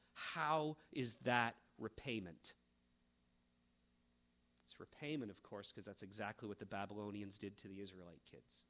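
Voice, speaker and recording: A middle-aged pastor preaches a sermon emphatically, building to fervent peaks before dropping into a quiet, low delivery.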